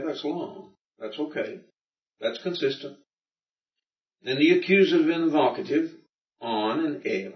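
A man's voice: medium pitch, distant mic. A man teaching a Greek grammar class, patiently explaining and checking that his students follow. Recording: dull roomy recording from afar.

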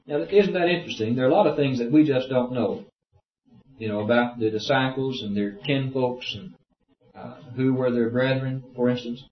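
A man's voice: medium pitch, steady tone, normal speed. A man teaching a Bible class, reading verses aloud and explaining them in plain talk. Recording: roomy, dull lo-fi tape.

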